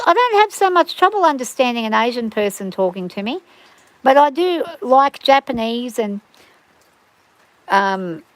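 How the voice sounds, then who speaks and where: A woman chats away on her farm livestream in an easy, rambling way, often restarting her sentences. Her voice sits a little on the high side for a woman. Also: dry recording, low-quality recording. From Australia. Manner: chatty, rambling, frequent restarts. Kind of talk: casual rambling chat.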